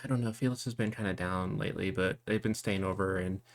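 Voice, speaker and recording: A man voicing a caring young woman, the hero's sister, during a tabletop game. He speaks softly, fussing and worried. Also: low-pitched, steady tone, fast talker, creaky. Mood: fond. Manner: soft-spoken, worried and fussing. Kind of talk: tabletop role-play voicing.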